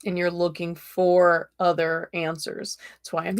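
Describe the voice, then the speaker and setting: A woman's voice: on the low side, flat delivery, slow. A woman host giving live-streamed tarot readings in a chatty, direct and encouraging way, with a tickle in her throat.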